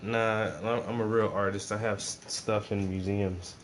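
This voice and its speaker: A man's voice: fairly low pitch, little pitch movement, moderate pace, very noisy. A man, chatting casually and profanely while he paints, joking and rambling to his viewers. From South Carolina.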